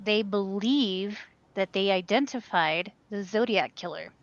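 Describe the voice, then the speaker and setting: A woman's voice: medium pitch, a little slow, no room sound. A woman co-hosting a podcast in casual chat, chatty and stumbling a little when reading news aloud, on a dry, dull-sounding mic. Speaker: podcast co-host.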